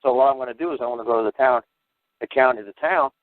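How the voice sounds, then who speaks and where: Fast-talking blunt man on a tinny line. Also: medium pitch, no room sound. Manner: blunt, profane, rapid storytelling. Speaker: host. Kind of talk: casual storytelling on a call-in show. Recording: tinny phone-line audio.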